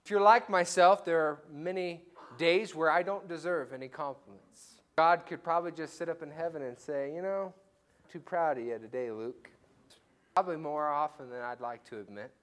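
High-voiced man preaching a sermon. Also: a little fast, fairly bright tone. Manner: conversational, storytelling with acted-out quotes. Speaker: pastor.

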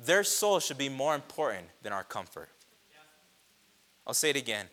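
A man preaching a sermon, impassioned, swelling loud on repeated phrases. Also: medium pitch, big pitch swings, moderate pace, long pauses. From grew up on a reservation.

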